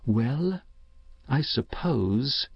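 A weary, bitter mother who answers slowly and heavily, as a man reading a story gives her voice. The tone is raised a little above his own, with a gravelly texture. The room sounds dry and the recording slightly muffled. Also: medium pitch, big pitch swings, no room sound, voice pushed up, full character voice. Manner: slow and bitter.

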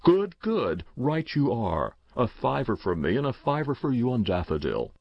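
Man playing a jovial teasing uncle, hearty, swooping pitch, gravelly, dry lo-fi sound. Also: very animated, moderate pace, dry recording. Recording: dull dry lo-fi recording.

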